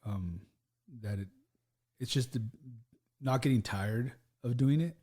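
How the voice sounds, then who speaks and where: A middle-aged man, a guest on a podcast and former teacher, talking in casual chat with a halting, hesitant manner full of restarts. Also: medium pitch, husky. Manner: hesitant, restarts often, quiet agreement.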